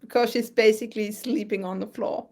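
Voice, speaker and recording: A woman running a tabletop game as game master, describing scenes in a chatty, halting way. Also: mid-range voice, fairly even intonation, darkish tone.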